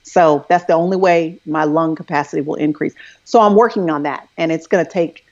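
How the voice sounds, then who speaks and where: Guest, woman, middle-aged, low pitch, earnest storyteller; muffled video-call audio. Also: brisk, a little mellow. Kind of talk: casual conversation over a live video stream.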